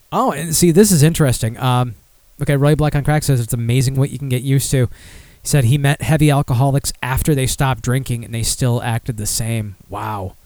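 A man's voice: mid-range voice, a little mellow, dry recording. A man hosting a podcast alone, rambling sardonically through listener comments with many fillers and restarts. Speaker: podcast host. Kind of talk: casual solo podcast commentary.

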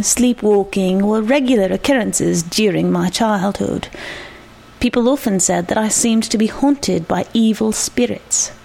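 Slow, gravelly woman reading a story. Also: mid-range voice, warm tone. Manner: measured, reflective storytelling. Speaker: narrator. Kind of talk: reading a short story aloud.

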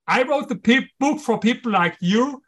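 A man's voice: very high voice, expressive, normal speed, husky. A man with a strong German accent, a guest author in an interview, who talks emphatically and repeats his key points.

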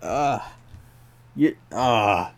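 A man's voice: on the low side, animated, drawn-out words, vocal fry. A man hosting a casual interview over a call, joking and self-mocking, recorded on a handheld recorder mic. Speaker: podcast host. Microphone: handheld recorder mic, remote call.

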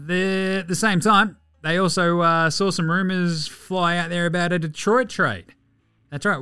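The voice is male, Australian, fairly high and fairly bright, with a smooth quality. He's the host of a casual sports news podcast, tearing into his subjects with sarcastic, profane mockery.

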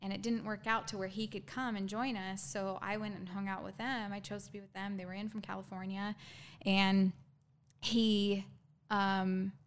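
A woman guest in an interview telling her own story candidly, halting, with frequent ums and restarts. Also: medium pitch, little pitch movement, slight background noise.

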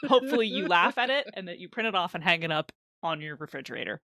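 A woman's voice: lowish voice, lively intonation, fast, a bit bright, dry recording, clean studio sound. A woman co-hosting a tabletop gaming podcast, chatting casually, reading plugs and laughing often. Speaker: podcast co-host.

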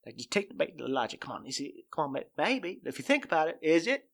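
A man voicing a creepy middle-aged zoo owner who talks in a hushed, wheedling, persuasive way. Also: fairly high pitch, big pitch swings, fast, creaky, exaggerated voice. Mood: hushed coaxing.

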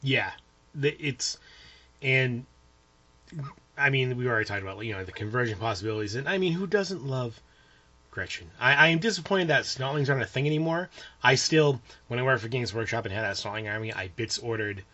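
A man with a bright, forceful tone chats about his hobby. He talks eagerly and haltingly, with frequent restarts and filler. The recording is muffled and lo-fi. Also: mid-range voice. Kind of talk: casual hobby chat. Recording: dull lo-fi recording.

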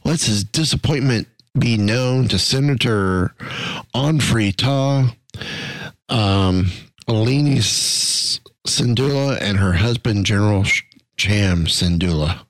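Low-voiced man recapping a show. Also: no room sound. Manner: halting, restarts words, fillers. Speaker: podcast host recapping an episode. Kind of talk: casual chat and episode recap.

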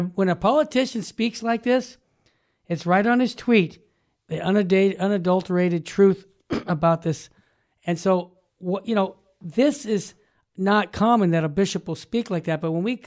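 A man's voice: high-pitched, a little mellow. A man hosting a talk show in casual chat, jumping in with eager, emphatic remarks.

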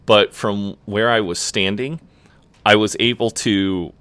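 Young man, very low voice, loose storyteller, swears freely, dry close mic. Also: steady tone, slow, fairly bright tone, clear, resonant tone, no room sound. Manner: laid-back, swears often, lots of "like" fillers. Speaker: podcast co-host. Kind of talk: casual chat, storytelling.

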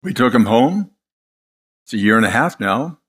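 An older man preaching a sermon, impassioned and dramatic, telling stories with pauses for effect. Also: mid-range voice, very animated, fairly bright tone, slightly rough.

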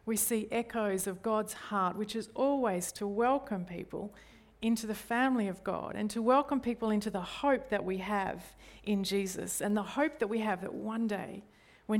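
Speaking at a normal speed with hardly any pauses, a middle-aged Australian woman in a medium-pitched voice gives an earnest sermon as a church leader. She often poses rhetorical questions to the listeners.

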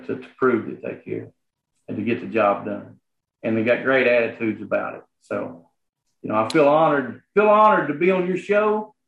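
A Southern-accented man speaks sincerely in a halting way, full of "you know" and "uh." His voice comes through thin and phone-like. The room around him sounds echoey. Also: mid-range voice, gravelly, slight background noise. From Arkansas, USA. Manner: earnest, halting, many fillers and restarts. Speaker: guest, property association manager. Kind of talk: casual interview talk.

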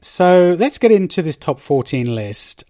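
A man's voice: a little high, big pitch swings, measured pace, warm tone, no echo, studio quality. A man hosting a podcast for Spanish learners, talking casually through wry, emphatic opinions with plenty of ums and self-corrections. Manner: chatty and rambling, with frequent ums and self-corrections; wry and emphatic, with mock outrage.

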